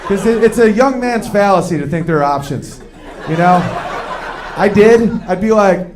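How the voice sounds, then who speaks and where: A man performing a stand-up comedy set, animated and acting out the people he quotes. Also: high-pitched, normal speed, background noise. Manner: animated, acts out quoted voices. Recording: live show with crowd. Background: audience laughter.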